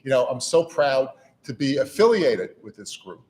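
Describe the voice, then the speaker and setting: A man's voice: mid-range voice, very animated, moderate pace, a little mellow. A middle-aged man giving a conversational speech to a room of volunteers. He talks in a folksy, easygoing manner, often repeating words and saying "you know". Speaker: national auxiliary leader giving a speech. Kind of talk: informal speech to a gathering. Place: meeting room with an audience.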